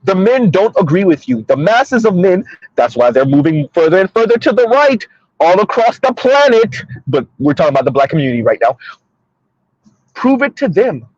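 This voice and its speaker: Speaking directly to his viewers, this commentary streamer in his thirties offers sassy, preachy social commentary at a normal speed. His fairly high, slightly husky voice is sing-song and a little mellow. The audio is dry and dull, much like a lo-fi recording.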